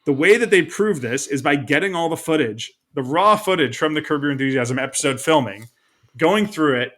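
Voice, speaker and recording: A man's voice: fairly high pitch, animated, a little fast, fairly bright tone. A man co-hosting a sports podcast, chatting casually and recapping TV episodes. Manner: conversational, recaps episodes with light laughs. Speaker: podcast co-host. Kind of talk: casual chat.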